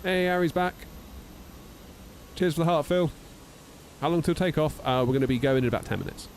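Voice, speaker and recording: A man's voice: fairly high pitch, brisk, a little hiss or hum. A man, chatting and joking with viewers while running through checklists on a live stream from a home setup. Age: 30s. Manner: chatty, jokey banter with viewers, self-mocking. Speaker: flight sim streamer. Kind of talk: live-stream chat while flying a simulator. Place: home simulator room.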